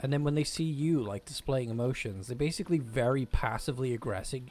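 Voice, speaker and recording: A male streamer giving rambling, animated commentary while he plays a video game. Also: medium pitch, fast talker, soft background music. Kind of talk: casual gameplay commentary.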